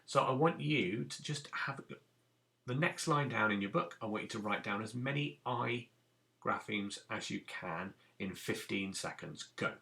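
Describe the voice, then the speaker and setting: A man's voice: fairly low pitch, moderate pace, vocal fry, sharp tone. A man teaching a recorded phonics lesson to young children, patiently sounding out letters and giving simple instructions. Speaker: primary school teacher.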